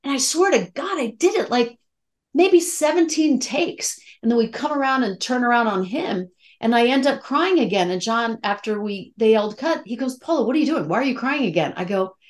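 A woman's voice: fairly high pitch, normal speed. A middle-aged woman, an actress, talking candidly and emotionally in a casual interview, with many fillers and restarts. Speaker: actress guest.

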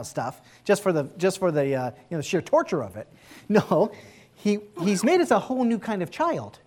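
A man preaching a sermon as pastor, conversational and animated, asking the congregation to answer back. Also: high-pitched.

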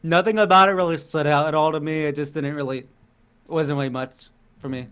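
A man's voice: on the high side, steady tone, fairly quick, over a noisy crowd. A young man co-hosting a podcast, speaking hesitantly and stumbling over his words. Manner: hesitant, stumbling, full of fillers. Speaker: podcast co-host. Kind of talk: casual chat.

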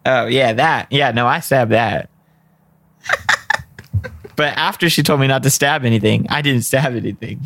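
A man's voice: mid-range voice, unhurried, gravelly, pauses often, fairly bright tone, no echo. A man playing a tabletop game, casual and cheeky, joking with the table. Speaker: player.

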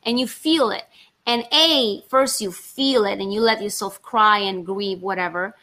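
An actress in casual conversation, animated and talking in quick rushes. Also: female voice, mid-range voice. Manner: animated, talks in rushes, acts out her inner voice.

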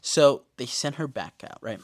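A man casually recapping television episodes in a slangy, laid-back way with quick asides. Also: medium pitch, lively intonation.

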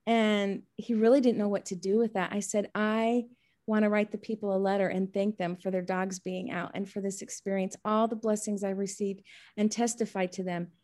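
Animated woman retelling a story. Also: medium pitch, normal speed. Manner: animated, acts out quoted dialogue. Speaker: study group member. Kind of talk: casual storytelling on a video call. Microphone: video call.

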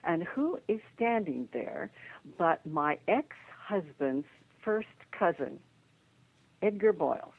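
An older woman with a gravelly, deep voice tells a story with lively energy. She is heard over a thin, tinny phone line. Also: takes it slowly, dry recording. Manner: lively narration with acted quotes and laughter. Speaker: psychic guest. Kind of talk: animated storytelling.

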